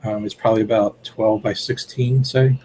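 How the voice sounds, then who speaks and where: A man's voice: lowish voice, fairly even intonation, moderate pace, mellow, a little hiss or hum, low-quality recording. A man running a tabletop horror game as game master, describing scenes hesitantly with many fillers.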